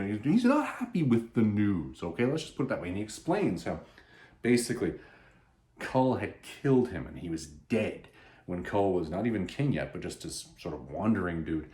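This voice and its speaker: A man casually recapping a comic book, animated and rambling, often restarting his sentences. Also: fairly low pitch, normal speed. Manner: animated, rambling, self-interrupting. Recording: roomy echo.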